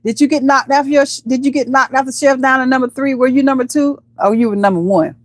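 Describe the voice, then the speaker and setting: A woman hosting a casual live stream, chatting playfully with viewers, calling them baby and honey and breaking into high squeals. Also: quick pace, dry recording. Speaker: livestream host.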